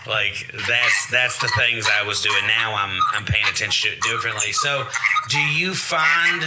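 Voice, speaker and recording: A man's voice: on the low side, moderate pace. A man hosting a podcast, chatting casually and rambling through stories while acting out quotes. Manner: rambling storyteller who acts out quotes. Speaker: podcast host. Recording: clicky background noise.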